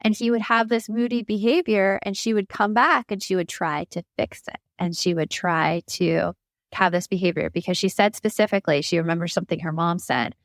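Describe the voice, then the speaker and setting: A woman's voice: fairly low pitch, fairly quick, no echo. A woman co-hosting a casual parenting podcast, telling stories and acting out what parents say, on a close mic. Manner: storytelling, acts out quoted parents. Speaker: podcast co-host.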